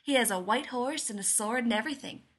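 A woman's voice: a little high, quick pace, breathy edge. A woman voicing a cheerful, earnest young man from a fairy tale who talks in a polite, old-fashioned, chatty way.

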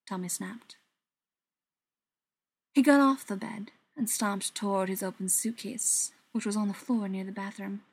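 A woman reads a story aloud at an even pace, her voice sitting in a middle pitch and sometimes sinking to a whisper. The recording is dry and close, with no room around her. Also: a little slow, slightly rough, no echo. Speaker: narrator.

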